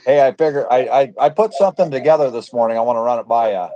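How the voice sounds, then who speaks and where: A man in a casual chat, rambling haltingly through loose ideas with many fillers. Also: medium pitch, dark tone, dry recording, highs cut off.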